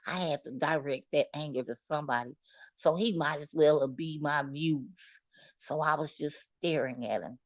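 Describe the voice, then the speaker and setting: A woman's voice: low voice, moderate pace, no room sound. A woman recounting a personal story to viewers in a candid, dramatic way, cursing freely. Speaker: storyteller vlogger.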